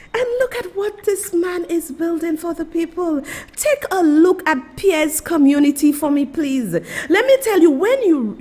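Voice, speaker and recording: Saint Lucian woman streamer, very high voice, heated and exasperated. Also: a little mellow. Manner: impassioned, exclaiming, laughing in disbelief. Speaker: host. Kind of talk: live-stream political commentary.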